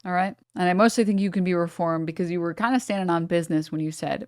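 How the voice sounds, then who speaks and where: A woman streamer talks straight to her chat, blunt and casual, with the odd curse. Her voice sits on the low side, and the sound is close and dry with no room around it. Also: fast talker, few pauses, darkish tone, clear, resonant tone, dry recording. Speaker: streamer reacting to a video. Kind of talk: casual live-stream commentary.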